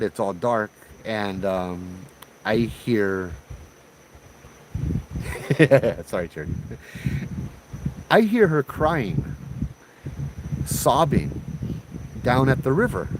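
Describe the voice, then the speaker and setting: Easygoing guy from hawaii telling a ghost story, slangy, laughs a lot, soft bugs in the background. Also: medium pitch, noisy background. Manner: laid-back, chatty, laughs often, uses slang like bruh.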